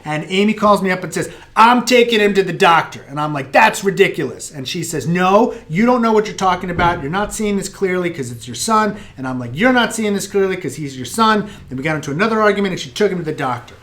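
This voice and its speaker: A middle-aged American man hosting a live viewer Q&A, telling stories in an animated, self-mocking way. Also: sits high, fast talker, hardly any pauses. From United States. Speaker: host answering viewer questions. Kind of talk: live Q&A chat.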